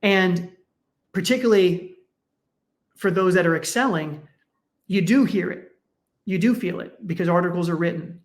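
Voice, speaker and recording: A middle-aged man, a sports psychologist guest, speaking in a conversational, animated way and acting out the people in his stories. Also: moderate pace, pauses often. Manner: animated, acts out quoted parents with raised pitch. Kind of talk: conversational storytelling.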